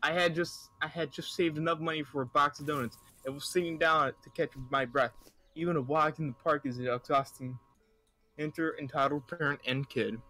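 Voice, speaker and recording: A man's voice: a little high, fairly even intonation, normal speed, sharp tone, faint music behind. A young man hosting a comedy podcast, reading stories aloud in a casual, joking way. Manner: reads aloud with acted voices, joking.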